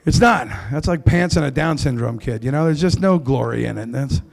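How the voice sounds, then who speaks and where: Gravelly, brash stand-up comedian man. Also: mid-range voice, lively intonation, fairly quick. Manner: brash, crude, self-mocking punchlines. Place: comedy club stage.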